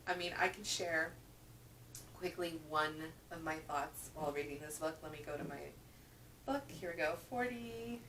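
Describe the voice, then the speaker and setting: A woman chats about what she has been reading in a loose, emphatic way, leaning on repeated words for stress. Her voice sits slightly low. She is picked up from some distance by a camera mic in an echoey room with a faint hum. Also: normal speed, a bit bright. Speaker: book reviewer. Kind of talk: casual reading wrap-up chat. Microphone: camera microphone.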